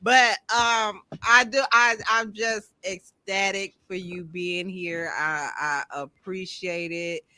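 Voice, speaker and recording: A woman's voice: fairly low pitch, fairly even intonation, slow, few pauses, bright, forceful tone, dry recording. A woman hosting a podcast in casual interview chat, encouraging her guest and laughing along. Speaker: podcast host.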